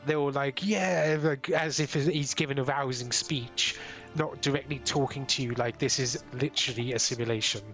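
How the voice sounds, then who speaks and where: A man's voice: mid-range voice, fairly even intonation, moderate pace, fairly bright tone. A man narrating as the game master of an online tabletop role-playing game, with faint music behind.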